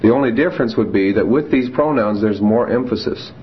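A man teaching a Greek grammar class, reading Greek examples slowly and then explaining them with fillers. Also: medium pitch. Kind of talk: classroom lecture. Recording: dull lo-fi classroom tape, faint hiss.

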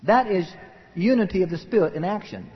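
A man preaching a sermon with passion, swinging between loud emphatic lines and hushed, muttered asides. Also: sits high, animated, brisk. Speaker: pastor. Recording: dull old recording in a reverberant hall.

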